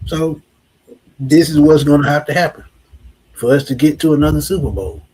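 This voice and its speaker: A man's voice: a little high, steady tone, normal speed, dark tone, slightly rough, low-quality recording. A man, co-hosting a casual sports talk show and musing back on what he has seen. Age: 40s. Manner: reflective, repeats "like I said".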